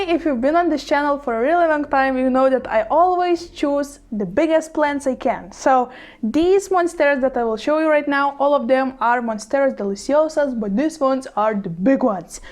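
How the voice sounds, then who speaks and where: A woman's voice: high-pitched, expressive, normal speed, a little mellow. A woman vlogging casually at home, gushing and giggling as she shows off her plants, speaking English as a second language with small slips. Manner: bubbly and gushing, giggles often, apologetic asides. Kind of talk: casual show-and-tell vlog.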